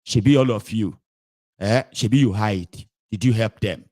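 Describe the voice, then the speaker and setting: A man's voice: fairly low pitch, normal speed, a little mellow, no room sound. A man with a Nigerian accent giving sarcastic political commentary, mocking and switching between English, Pidgin and Yoruba.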